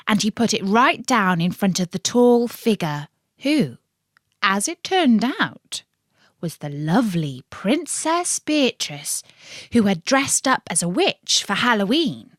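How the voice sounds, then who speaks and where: A woman narrating a children's story in a playful, expressive way. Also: mid-range voice, takes it slowly, no room sound, clean studio sound. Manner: warm, playful, expressive reading.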